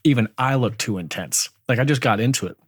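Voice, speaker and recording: A man's voice: mid-range voice, fast, breathy edge, no echo, clean studio sound. A man in his thirties, co-hosting a casual podcast chat, telling stories animatedly and swearing freely. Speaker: podcast co-host.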